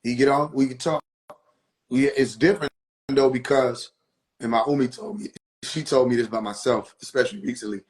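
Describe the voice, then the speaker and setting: A man's voice: mid-range voice, steady tone, a little fast. A man hosting a live stream, giving casual spiritual teaching in a preachy way, repeating his points and putting questions to his viewers. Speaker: livestream host.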